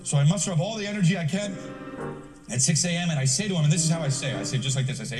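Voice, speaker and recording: A man's voice: fairly high pitch, animated, fast talker. A man doing a stand-up routine, telling a profane story animatedly and acting out voices. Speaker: stand-up comedian. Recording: echoey theater from far off with loud music.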